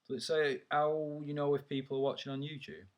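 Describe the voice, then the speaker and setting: A man's voice: a little high, little pitch movement, fairly quick. A man co-hosting a podcast in a cheeky, sweary, joking way. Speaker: podcast co-host. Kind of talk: casual chat. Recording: echoey room, distant mic, faint hiss.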